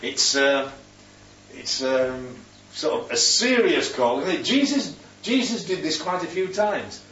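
Man, Bible study leader, quizzing tone, fairly high voice, dull distant recording. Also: measured pace, a little hiss or hum. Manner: animated, quizzing the group with questions. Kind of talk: teaching a group discussion. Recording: roomy, distant, dull sound.

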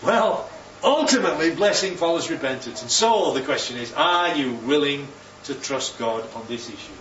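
A man preaching a sermon, animated and full of rhetorical questions, his voice leaping up for emphasis. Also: mid-range voice, moderate pace, slight background noise. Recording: roomy, distant, dull sound with faint ambience.

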